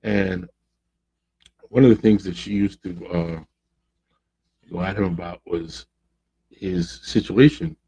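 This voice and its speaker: A man's voice: deep voice, slow, gravelly, long pauses, breathy edge, low-quality recording. A man hosting a podcast, telling a story in a casual, slangy way and acting out the people he quotes. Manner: animated, slangy, acts out quoted voices. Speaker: podcast host.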